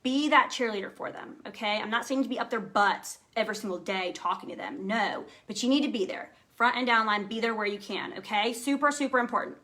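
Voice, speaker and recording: A woman's voice: on the high side, a little fast, few pauses, bright, forceful tone. A young adult woman giving an emphatic, upbeat motivational live talk to her sales team, often checking in with "okay?" and "right?".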